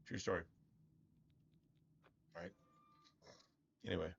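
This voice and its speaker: A man giving casual commentary over his gameplay, rambling with lots of slang and swearing. His voice is bright and sharp at a middle pitch. The audio is dull and lo-fi. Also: lively intonation, unhurried. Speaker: gaming streamer.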